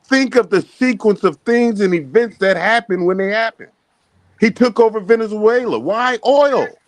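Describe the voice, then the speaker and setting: A man's voice: high-pitched, lively intonation, moderate pace, no echo. A man hosting a morning talk show, giving emphatic, preachy political commentary.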